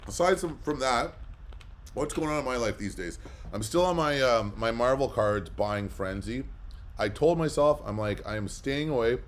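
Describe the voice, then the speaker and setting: A man's voice: medium pitch, animated, normal speed, slight background noise. Chatty rambling male auction host. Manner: rambling, chatty, many fillers. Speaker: live comic auction host. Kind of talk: casual livestream chat.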